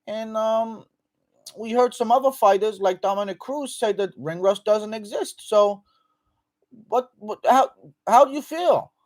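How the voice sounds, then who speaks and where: A man putting on the voice of a fawning male sports reporter who asks halting, filler-heavy questions. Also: sits high, a little mellow, pitched above the performer's own voice.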